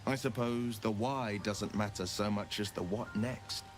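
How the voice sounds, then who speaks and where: A man's voice: lowish voice, fairly even intonation, measured pace, faint music behind, close to an everyday voice. A man voicing an arch, sardonic adventurer. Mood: wry. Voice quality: polished, theatrical diction. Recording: game audio with faint background noise.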